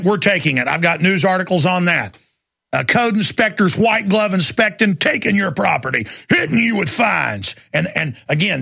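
Gravelly man in a sarcastic rant. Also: sits high, bright, forceful tone, dry recording, studio quality. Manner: angry, sarcastic ranting. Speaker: talk show host. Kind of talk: ranting talk show monologue.

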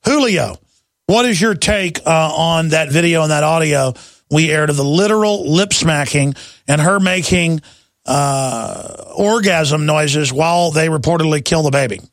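Intense high-voiced male radio host. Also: dry recording, studio quality. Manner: intense, rapid, combative ranting. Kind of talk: talk radio monologue and call-in.

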